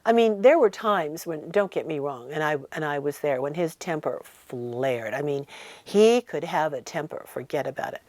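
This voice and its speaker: A woman in her sixties, an interview guest, telling her stories in an animated and emphatic way and acting out what others said. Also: low voice, moderate pace, no echo. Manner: animated, emphatic storyteller who acts out quotes. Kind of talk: conversational storytelling interview.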